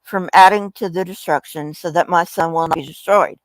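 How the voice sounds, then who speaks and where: A humble, pleading widow speaks up before a king, read aloud by a woman. Her voice sits a little low and sounds close and dry, with no room around it. The delivery stays plain and deferential, more read than acted. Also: steady tone, fairly quick, no room sound, natural voice, rough recording.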